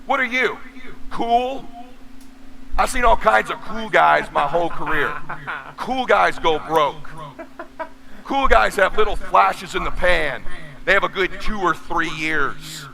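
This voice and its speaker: A man in his forties giving an intense, preachy motivational stage speech that bursts into shouting. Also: high voice, a little slow, gravelly, a crowd in the background, poor audio. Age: 40s. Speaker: motivational speaker.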